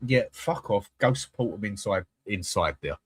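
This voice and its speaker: A man's voice: fairly low pitch, expressive, normal speed, a bit bright, husky, no echo. A man hosting a live fan channel, chatting bluntly with viewers and swearing freely. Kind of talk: live-stream chat reading comments.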